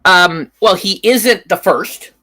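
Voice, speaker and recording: A man's voice: sits high, takes it slowly. A man co-hosting a casual live talk show, telling stories animatedly and restarting his sentences often. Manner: animated storytelling with many restarts. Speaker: co-host. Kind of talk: casual chat.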